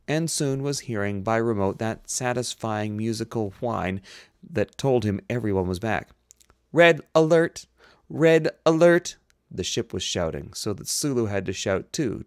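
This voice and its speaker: A man reading a novel aloud in steady, even narration. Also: on the low side, dry recording, studio quality. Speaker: audiobook reader.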